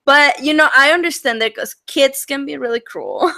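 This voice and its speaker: A bright, fairly high-voiced young woman with a Mexican accent chats on a video call as the host. She talks in an animated way, full of fillers and quick laughs. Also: creaky. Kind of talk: casual online chat.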